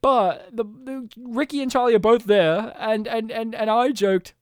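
A man, retelling a strange film for his co-hosts. His voice is smooth and resonant, recorded dry and close. He talks in an animated way and swears freely. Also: very high voice, unhurried, no room sound. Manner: animated storytelling, swearing, laughing often. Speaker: podcast co-host. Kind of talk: casual movie recap chat.

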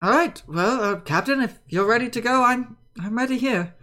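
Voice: mid-range voice, normal speed, pushed and bright, voice pushed up, lightly acted. A game master voicing a hesitant, fussy male ship's crewman who stammers through his lines. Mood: eager. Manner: stammering, full of ums.

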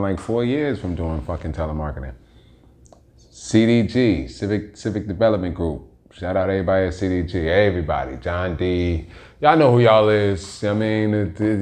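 Deep-voiced guy rambling on his podcast, slangy, swears a ton. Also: darkish tone. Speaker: podcast host. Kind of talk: casual profane monologue.

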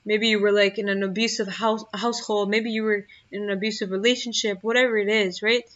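A woman's voice: medium pitch, little pitch movement, fairly quick, fairly bright tone, dull audio. A young woman hosting a solo motivational podcast, talking earnestly and emphatically, often repeating her key phrases. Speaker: podcast host.

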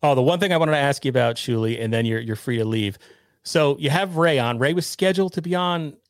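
A man's voice: mid-range voice, brisk, no room sound, studio quality. Wry male live-stream host. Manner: wry, teasing questioning. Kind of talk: casual live-stream chat.

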